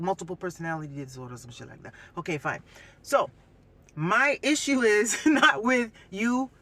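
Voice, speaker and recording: A woman's voice: medium pitch, bright, forceful tone. A woman venting bluntly and heatedly to her audience, cursing, repeating herself and mimicking what others said. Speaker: vlogger. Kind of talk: heated personal vent to camera.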